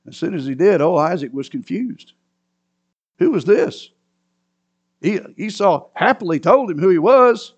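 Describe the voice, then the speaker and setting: A man delivering a sermon in a fairly high voice. He retells the story dramatically, dropping low and then rising to sudden cries. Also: animated, unhurried, long pauses, husky. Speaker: preacher.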